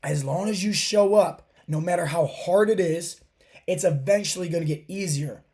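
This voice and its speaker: A man in his thirties talks through a sore throat, his voice scratchy and hoarse and set a bit high. He gives an emphatic, preachy motivational monologue as a podcast host and keeps circling back to the same phrases. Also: normal speed, darkish tone. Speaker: podcast host and fat loss coach.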